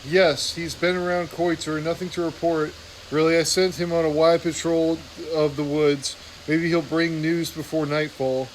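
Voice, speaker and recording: A man's voice: fairly high pitch, level tone, normal speed, slight background noise, natural voice, poor audio. A man reading a novel aloud, voicing a grim, blunt female woodland fighter. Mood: matter-of-fact.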